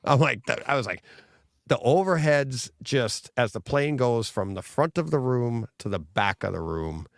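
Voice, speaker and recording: A man co-hosting a podcast in casual chat, talking in a rambling, excitable way with many restarts. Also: mid-range voice, moderate pace, gravelly, no room sound, clean studio sound. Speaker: podcast co-host.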